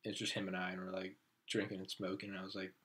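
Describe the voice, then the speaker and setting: A young man co-hosts a casual podcast, rambling through anecdotes and acting out his friends' lines. He talks fast in a low-pitched, fairly bright voice with a completely flat delivery.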